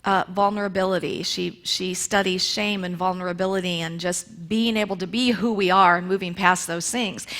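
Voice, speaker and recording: A woman speaking at a church service, retelling a story in a lively sermon and acting out the quotes. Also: mid-range voice. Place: church sanctuary.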